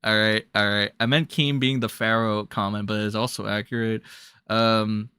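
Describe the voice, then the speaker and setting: Male streamer, crude blunt rant, bright forceful voice, dry close sound. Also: lowish voice, flat delivery, moderate pace, clear, resonant tone, no echo. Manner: blunt, crude, ranting with sudden loud jumps. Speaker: drama commentary streamer. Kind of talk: profane livestream commentary.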